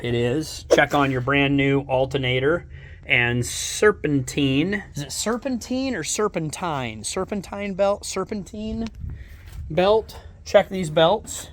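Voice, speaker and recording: A man's voice: mid-range voice, a bit bright, a little hiss or hum. A man, a farmer vlogging casually and upbeat while he works outdoors. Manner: upbeat, talks while working. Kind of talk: casual farm vlog narration. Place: outdoors on a farm.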